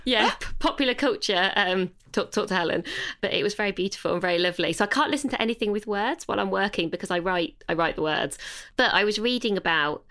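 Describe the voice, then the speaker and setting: A woman's voice: medium pitch, lively intonation, fast, fairly bright tone. A British woman co-hosting a podcast, telling anecdotes in a chatty way with hesitations and self-corrections. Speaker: podcast co-host. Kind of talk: casual podcast chat.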